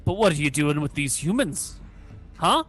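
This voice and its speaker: Man doing a gruff suspicious dwarf guard. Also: on the high side, lively intonation, normal speed, a bit bright. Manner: blunt, swearing, distrustful. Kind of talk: tabletop role-play.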